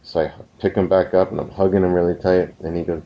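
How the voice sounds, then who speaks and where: In this recorded course lesson, a male business instructor speaks in a deep, gravelly voice and a level tone. He tells it like a story, earnestly, easing his pace when he wants a point to stick, over slightly muffled, dull sound.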